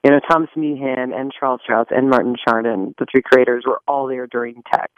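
A man's voice: mid-range voice, fairly even intonation, a little fast, no room sound, muffled recording. A man, a stage actor, chatting as a guest in an interview, joking and laughing with many restarts. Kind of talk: casual interview chat.

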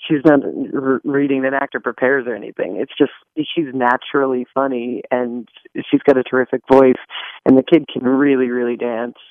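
A man's voice: medium pitch, fairly even intonation, moderate pace, no room sound, narrow, tinny audio. A man, a stage actor, chatting as a guest in an interview, joking and laughing with many restarts. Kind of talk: casual interview chat.

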